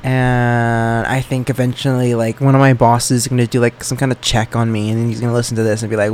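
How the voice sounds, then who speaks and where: A young man hosting his own podcast, rambling from thought to thought and joking at his own expense. His voice sits at an ordinary middle pitch. A faint hiss runs under the recording. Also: little pitch movement, a little fast, few pauses, darkish tone. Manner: rambling, self-deprecating and joking. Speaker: podcast host. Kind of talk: solo podcast monologue.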